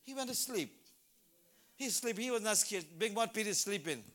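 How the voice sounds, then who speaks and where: Guy preaching in church, high bright voice, acts out the story. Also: normal speed. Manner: animated storytelling, acts out scenes. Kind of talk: sermon. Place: church service.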